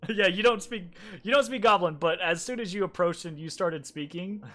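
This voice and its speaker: A young man narrating as game master, animated and chatty with many fillers. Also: high-pitched, a little fast. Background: faint background music.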